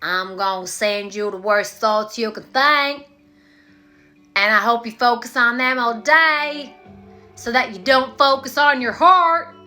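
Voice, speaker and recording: A woman putting on a scheming inner ego voice, sly and muttering, bright edge, slow and drawn out, mocking, playful talk setting. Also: a little high, steady tone, soft background music. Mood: taunting, sly.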